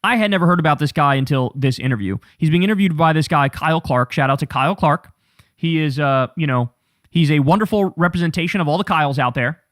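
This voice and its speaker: A man's voice: on the high side, fast, fairly bright tone, no echo, clean studio sound. A man hosting a political commentary show, ranting in a profane, sarcastic, fired-up way.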